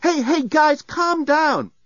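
A man voicing a firm, level-headed woman in an audiobook, brisk in manner, on a dry, slightly dull recording. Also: very high voice, animated, fairly bright tone, dry recording, voice pushed up, heavily acted. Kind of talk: audiobook character voice.

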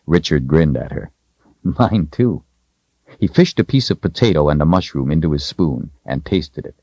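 A man narrates an audiobook in a very deep voice that moves freely through its range. The sound is dry, with no room at all, and comes across dull and lo-fi. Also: animated, a little fast, vocal fry, dark tone, slightly rough, no echo. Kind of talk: scripted narration.

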